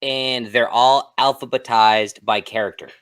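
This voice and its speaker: A co-host of a tabletop game talk, pitching names and jokes in a playful, casual chat. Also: fairly even intonation, unhurried, fairly bright tone, clear, resonant tone.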